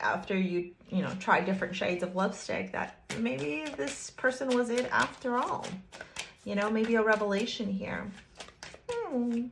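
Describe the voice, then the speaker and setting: With a slightly high voice and a little background noise, a woman chats through a casual tarot reading. She's playful and teasing, addresses the viewer directly, and giggles a lot.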